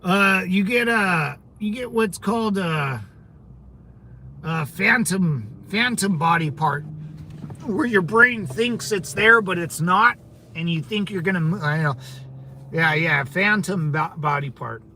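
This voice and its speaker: Young guy on a chill livestream, kinda high bright voice, laughs a lot, says stuff twice. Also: takes it slowly, a little hiss or hum. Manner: laid-back, laughs often, repeats phrases. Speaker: livestream host. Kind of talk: casual livestream chat reading comments.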